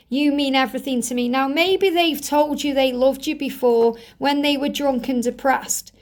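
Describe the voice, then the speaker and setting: Woman tarot reader, high-pitched, reassuring, repeats phrases for emphasis. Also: moderate pace, hardly any pauses. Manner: earnest, reassuring, speaks straight to the viewer. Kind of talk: tarot reading to camera.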